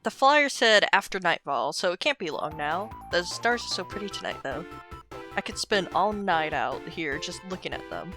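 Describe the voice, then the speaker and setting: A woman voicing a shy, anxious young female creature in a casual comic read-aloud, earnest and soft-spoken. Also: on the low side, sing-song, normal speed, soft background music, heavily acted. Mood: tender. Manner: earnest, softly narrating, amused.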